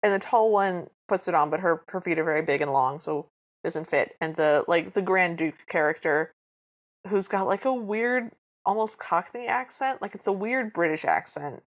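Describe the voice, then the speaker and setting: A woman's voice: fairly low pitch, moderate pace. A woman co-hosting a podcast who recaps a film scene by scene in casual chat, slipping into the characters' lines. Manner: chatty narration with acted-out quotes. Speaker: podcast co-host.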